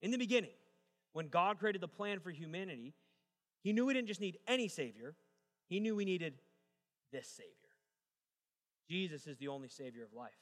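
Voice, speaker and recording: A young man preaching to a congregation with a bright, forceful, fairly high voice. He tells a joking story and then drives his points home emphatically. His voice rings with a long reverb through a large church hall. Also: expressive, normal speed, long pauses, faint music behind. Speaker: pastor. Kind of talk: sermon.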